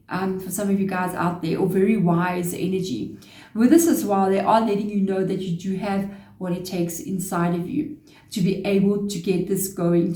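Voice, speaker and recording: A woman does a casual tarot reading to camera, reading the cards aloud in a relaxed, talkative way and passing on what she calls messages from spirit, with quick laughs along the way. Her mid-range voice is warm and mellow, and the room gives off a spacious echo.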